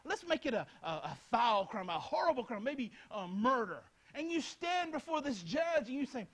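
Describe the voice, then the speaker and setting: In a low-quality recording, a young man teaches a Bible lesson in a very high, very animated and fairly bright voice. He speaks at normal speed with few pauses, earnestly repeating phrases and addressing his listeners directly.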